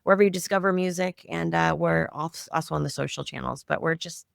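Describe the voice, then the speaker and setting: A middle-aged woman who founded a children's media company tells a personal family story as a podcast guest in an interview, heartfelt and at times near tears. Her deep voice has vocal fry, she speaks fairly quickly, and there's no echo.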